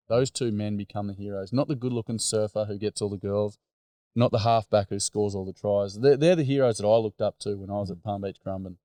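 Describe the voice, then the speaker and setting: A middle-aged Australian man speaks in a low, mellow voice with little rise and fall. He tells his stories earnestly and loosely, full of "um" and "mate". The sound is close and dry. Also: no echo. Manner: earnest, rambling, lots of "um" and "mate". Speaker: speaker running boys' workshops. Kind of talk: personal storytelling talk.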